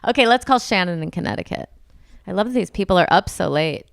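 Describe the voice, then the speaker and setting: A woman's voice: lowish voice, animated, fast talker, creaky. A woman co-hosting an advice podcast, friendly, steering the calls in casual chat. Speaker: podcast co-host.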